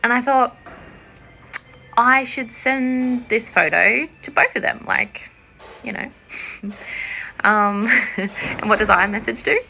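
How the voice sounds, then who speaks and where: A woman's voice: a little high, slow, creaky, long pauses, sharp tone, slight background noise. Giggly, sheepish woman. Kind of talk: casual storytime monologue.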